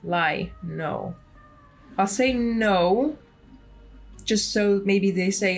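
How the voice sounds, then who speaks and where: A woman's voice: lowish voice, steady tone, slow, darkish tone, faint music behind. A woman doing casual gameplay commentary, reading game text aloud with jokes and frequent swearing. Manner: casual, joking, swears freely. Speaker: gaming video creator.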